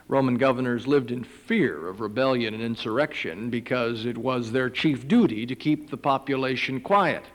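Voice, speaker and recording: A male preacher reading a Bible passage aloud and adding his own commentary, telling it like an animated story. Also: mid-range voice. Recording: long hall reverb.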